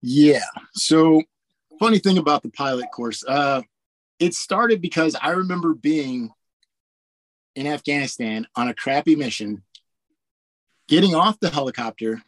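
A man in his forties from Indiana tells his service stories to the interviewer in a loose, relaxed way. His voice sits a little high for a man, and it is recorded close and dry with no room sound. He leans on fillers and laughs often. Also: unhurried, long pauses, dry recording. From Indiana, USA. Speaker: guest, army warrant officer pilot. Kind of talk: casual storytelling interview.

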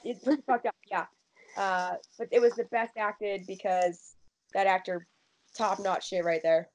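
A woman hosting a casual TV recap chat, quick and emphatic as she gives her opinions. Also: mid-range voice, fairly even intonation. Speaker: podcast host.

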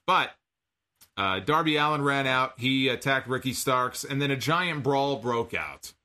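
A man with a bright, forward voice talks casually and wryly as a podcast host. He recaps wrestling at an easy conversational pace, now and then reading out listener donations. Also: mid-range voice. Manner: wry, chatty, reads out listener donation messages. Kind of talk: casual solo show recap.

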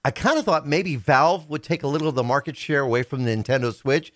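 A man's voice: a little high, fast talker. A man chatting casually on a podcast, rambling with filler words and restarts. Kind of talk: casual chat.

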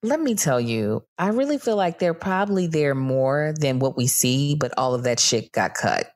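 A woman's voice: very deep voice, expressive, normal speed, darkish tone. A woman co-hosting a podcast, recapping a reality dating show in casual, profane chat with mocking impressions. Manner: chatty, swears freely, slips into mocking impressions. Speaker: podcast co-host.

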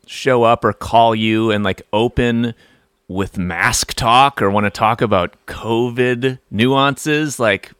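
A man's voice: medium pitch, slow, fairly bright tone, smooth, no echo, clean studio sound. A man hosting a podcast in casual chat, chatty and enthusiastic. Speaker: podcast host.

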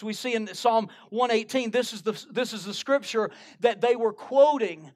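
A man's voice: very high voice, moderate pace, few pauses. A man preaching a sermon, retelling a Bible story and quoting scripture in old King James wording, often restarting his phrases.

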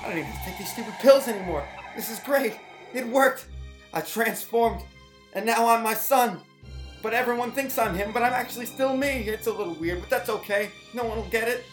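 A woman's voice: on the high side, fairly quick, close to an everyday voice. Comedy audio drama: woman playing a smug, cursing body-swapped schemer, echoey room, some music. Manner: smug, self-satisfied, cursing. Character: smug scheming old father now in his son's body.

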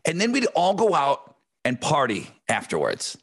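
A man's voice: on the high side, normal speed, slightly rough. A man chatting casually as a podcast co-host, telling stories animatedly and swearing freely. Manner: animated storyteller, mimics yelling relatives.

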